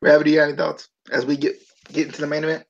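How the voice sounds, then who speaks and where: A man hosting a podcast in a casual chat, animated and given to incredulous outbursts. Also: on the high side, rapid-fire, gravelly. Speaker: podcast host. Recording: dull lo-fi mic.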